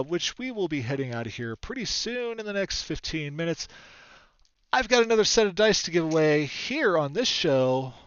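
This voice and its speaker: A man hosting a relaxed chat show, his voice smooth and resonant and pitched a touch high. He rambles with plenty of fillers and easy laughter. The recording is close and dry, with a dull, lo-fi tone. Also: dry recording. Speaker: talk show host. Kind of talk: casual chat.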